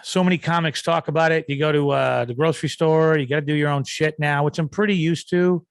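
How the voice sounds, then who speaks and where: A man's voice: fairly high pitch, steady tone, brisk, gravelly, no room sound. A man hosting a podcast, rambling through a comic rant. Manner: ranting, rambling, acts out yelling. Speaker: podcast host. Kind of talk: comedic rant.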